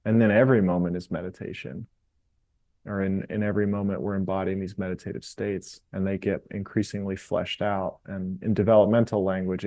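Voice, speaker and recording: A man as a podcast guest, calmly and reflectively explaining ideas in an interview. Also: sits low, dry recording. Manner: calm, explanatory, unhurried. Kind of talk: reflective interview talk on meditation.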